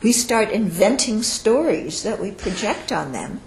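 Speaking a little slowly in a mid-range voice, a woman offers a Buddhist teaching to an audience, captured in reverberant, poor-quality audio. The dharma talk has a conversational feel, and she checks in with listeners often. She acts out quotations with lively vocal shifts.

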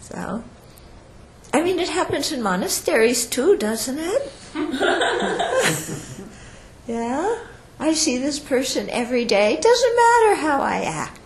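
A woman teacher giving a dharma talk at an unhurried pace, her voice sitting fairly high. She keeps turning to her listeners with quick check-ins and lively acted-out asides. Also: roomy sound, a little hiss or hum, rough recording. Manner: conversational, often checks in with the audience by asking "Yeah?"; acts out quoted speech with lively shifts in voice.

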